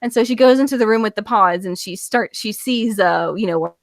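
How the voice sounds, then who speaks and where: A woman co-hosts a casual review podcast from an online call. She retells the plot in an animated way, with many filler words and quick acted-out quotes. Her voice is mid-pitched and the sound is dry. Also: dry recording. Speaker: podcast co-host. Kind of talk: casual comic-book review chat.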